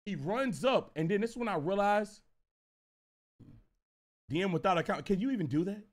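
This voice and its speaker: A man telling a casual storytime, animated and profane, repeating himself as he goes. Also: sits high, normal speed. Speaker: storyteller vlogger.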